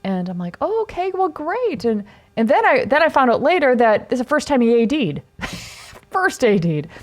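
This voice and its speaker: A woman hosting a podcast, telling a story casually in a chatty, animated way and acting out quoted dialogue. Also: fairly high pitch. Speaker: podcast host.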